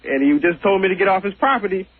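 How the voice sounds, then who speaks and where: A man's voice: sits high, animated, fast talker, slightly rough, no room sound. A man calling in to a radio show, talking in a laid-back, slangy, plain-spoken way. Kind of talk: casual radio chat. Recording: tinny phone line.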